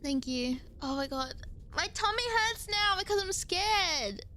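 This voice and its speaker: Brief: young Australian woman gamer, high bright voice, unhurried chatter, swears freely and shrieks when startled. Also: lively intonation. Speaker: streamer. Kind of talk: casual gaming commentary.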